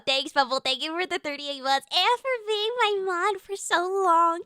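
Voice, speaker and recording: A woman streamer talks straight to her viewers in a high, sharp voice, rambling along with lots of restarts and the odd curse. She sits close to a desk mic in a dead-dry home room. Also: normal speed, hardly any pauses, dry recording. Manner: rambling and animated, with restarts and casual swearing. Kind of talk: casual live-stream chat.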